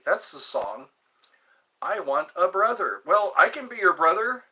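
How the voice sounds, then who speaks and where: A man in his fifties hosts a live stream, reading viewer comments aloud and joking back at them playfully. His voice is high, husky and sharp, very animated yet unhurried, and the audio quality is poor.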